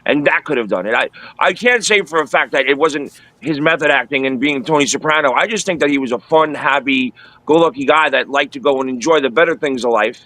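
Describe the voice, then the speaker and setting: A man's voice: medium pitch, fairly quick, bright, forceful tone, low-quality recording. A man telling stories as a guest in a casual interview, blunt and crude in a laid-back way. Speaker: guest, former radio worker and film-set stand-in.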